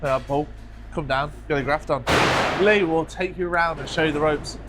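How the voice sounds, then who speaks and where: A man with a fairly high, nasal and croaky voice that sounds permanently blocked up. He talks fast and jokes around as he hosts a scrapyard vlog outdoors. Music plays clearly under his voice. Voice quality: nasal, croaky, as if he had a cold. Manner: fast-talking, jokey. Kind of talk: casual chat.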